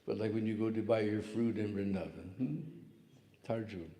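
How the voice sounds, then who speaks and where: A playful young cowherd boy answers in a teasing, easygoing way, played by a man telling the story. His tone is mellow. The hall gives a long reverb. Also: fairly low pitch, moderate pace, close to an everyday voice. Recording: echoey hall.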